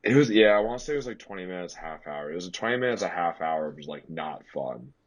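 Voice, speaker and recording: A young man in his twenties hosting a podcast, telling stories in casual chat. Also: quick pace. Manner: animated storyteller, leaps way up in pitch for quoted shrieks. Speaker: podcast host.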